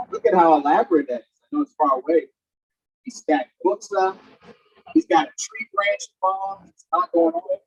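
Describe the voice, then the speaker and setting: A woman reading a picture book aloud for a virtual storytime, animated and inviting listeners to join in. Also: medium pitch, moderate pace, distant mic, low-quality recording. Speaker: storytime reader. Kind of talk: children's story read-aloud.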